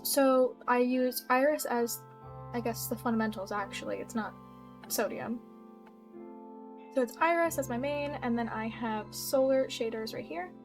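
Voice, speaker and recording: A young woman giving casual, chatty gameplay commentary at home, bubbly and giggly, trailing off mid-thought. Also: on the high side. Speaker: gaming YouTuber. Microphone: desk mic with audible keyboard.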